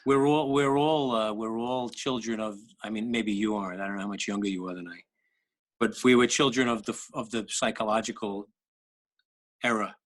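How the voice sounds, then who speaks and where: A man's voice: on the low side, steady tone, normal speed. A man being interviewed about his songs, talking in a rambling, reflective way. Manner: rambling and reflective, with many restarts. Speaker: musician guest. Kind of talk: casual interview chat.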